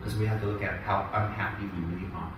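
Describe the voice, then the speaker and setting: A man giving a Buddhist dharma talk, animated, mimicking people and rising into loud indignation. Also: lowish voice, fast talker, muffled recording. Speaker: Buddhist teacher. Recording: echoey hall, picked up from a distance, with background noise.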